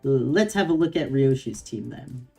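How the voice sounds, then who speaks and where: A woman's voice: extremely low pitch, expressive, normal speed, gravelly, dark tone, faint music behind. A woman streamer reading a game story aloud on stream, reacting with playful giggles.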